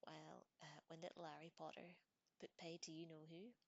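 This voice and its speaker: A woman's voice: low voice, moderate pace, creaky. Woman putting on a gossipy young bus conductor. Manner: gossipy, excitable, dramatic whispering.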